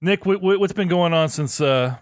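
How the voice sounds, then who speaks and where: A man's voice: sits high, moderate pace, clean tone, no room sound, studio quality. A man co-hosting a gaming podcast, teasing his friends in casual banter. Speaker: podcast co-host. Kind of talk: casual chat.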